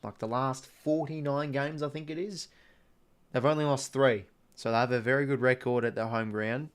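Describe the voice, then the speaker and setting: A man's voice: mid-range voice, fairly even intonation, moderate pace. Casual Australian guy streaming. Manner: chatty, muttering to himself while doing a quiz, greeting chat viewers. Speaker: streamer hosting a live watch-along. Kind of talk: casual live-stream chat.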